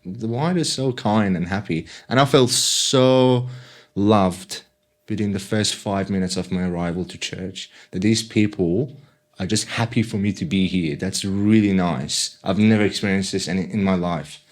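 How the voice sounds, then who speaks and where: A man from Iran, a podcast guest telling his personal story in an animated way and acting out quotes. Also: low-pitched, unhurried. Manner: animated storyteller, acts out quotes, many yeahs. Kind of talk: personal testimony in conversation.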